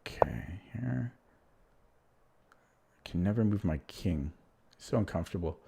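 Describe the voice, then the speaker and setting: A man's voice: sits low, expressive, unhurried, gravelly, noisy background. Man muttering through an online chess game. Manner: thinks aloud, muttering moves half to himself; casual, self-deprecating, rambling asides. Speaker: chess streamer. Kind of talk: live commentary while playing online chess.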